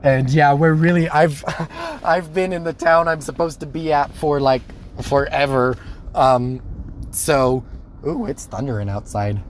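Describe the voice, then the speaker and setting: A young man casually telling a personal story, animated and laughing, acting out the voices of people he quotes. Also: a little high, measured pace, slight background noise. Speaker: storyteller vlogger.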